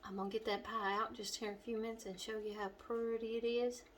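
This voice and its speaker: A middle-aged woman with a western Kentucky accent, hosting a home cooking demonstration in her kitchen and chatting warmly to the viewer. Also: a little high, level tone, quick pace, slight background noise. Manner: homey and chatty, talking straight to the viewer. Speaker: cooking show host.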